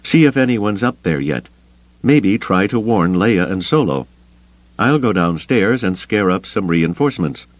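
A male audiobook narrator voicing a calm, commanding veteran officer who speaks in a measured, quiet way. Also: low voice, dry recording. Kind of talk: audiobook character voice.

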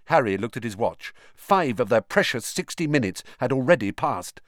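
Brief: expressive male audiobook narrator, low and animated, dry booth sound. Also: normal speed, dry recording. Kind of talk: scripted narration.

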